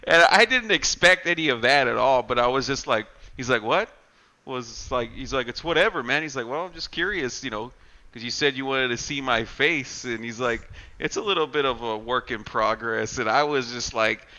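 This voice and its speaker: Bright-voiced excitable podcast co-host man. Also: mid-range voice, moderate pace, muffled recording. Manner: excited, laughing, acts out movie lines with loose swearing; heavy filler words like "like" and "you know". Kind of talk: casual chat.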